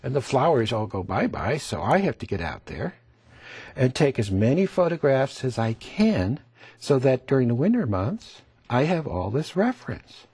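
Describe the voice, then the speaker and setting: A gravelly, slightly husky man teaches a painting lesson on TV, chatty and folksy, and he laughs at his own jokes. His pitch swings around a lot, and the studio sound is dry and close. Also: sing-song, moderate pace, a little mellow, no room sound. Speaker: painting instructor.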